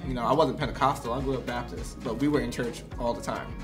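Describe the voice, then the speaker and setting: A man's voice: mid-range voice, fast talker, music in the background. A young man, a ministry co-founder, telling candid stories in a casual conversation. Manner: candid, animated storytelling with frequent laughs.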